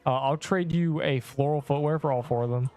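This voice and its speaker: A man's voice: medium pitch, a little fast, dark tone, faint music behind. Rambling young male game streamer. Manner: rambling, chats to viewers. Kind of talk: casual live-stream commentary.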